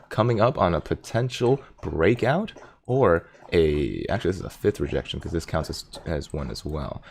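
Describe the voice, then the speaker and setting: A man with a very deep, gravelly voice hosts a casual livestream from his home desk. He chats loosely, reads viewer comments aloud and breaks off now and then to talk to his dog. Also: a little mellow, a little hiss or hum. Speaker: stock market livestream host. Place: home desk in Silicon Valley.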